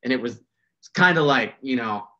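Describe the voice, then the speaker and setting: A man telling fishing stories in a casual podcast chat, animated and full of fillers. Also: medium pitch. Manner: animated, fast storytelling with fillers. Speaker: podcast guest, bass angler. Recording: dull lo-fi sound.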